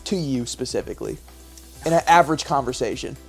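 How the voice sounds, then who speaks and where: A woman from Australia co-hosting a live game stream, chatty and quick to laugh as she explains herself. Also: a bass voice, faint music behind. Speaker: streamer co-host. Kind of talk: casual live-stream chat.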